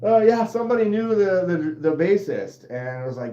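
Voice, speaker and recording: A man's voice: high voice, very animated, moderate pace, few pauses, dark tone, roomy sound, lo-fi sound. A man hosting a knife channel livestream, casually reading viewer comments aloud and joking, often breaking into giggles. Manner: jokey, breaks into giggling fits.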